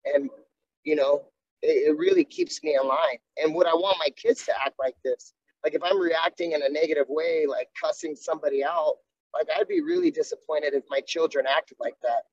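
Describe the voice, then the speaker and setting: Gravelly, animated male jiu-jitsu coach. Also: a little high, moderate pace, no echo. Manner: candid, earnest, often restarts with "like". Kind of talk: casual interview conversation. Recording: dull, dry sound.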